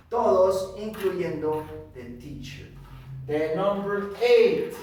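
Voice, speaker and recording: Slow, echoey male teacher voice. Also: high voice, darkish tone, slight background noise. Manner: slow and emphatic, repeating words and checking with "ok?". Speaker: English teacher for young children. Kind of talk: bilingual classroom lesson. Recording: roomy echo, from far off.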